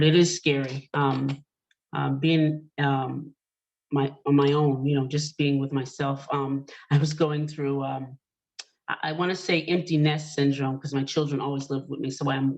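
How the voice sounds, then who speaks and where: A woman's voice: extremely low pitch, fairly even intonation, moderate pace. A woman hosting an online panel discussion, telling a personal story in a chatty, candid way with many fillers. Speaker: panel host. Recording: dull lo-fi online call audio.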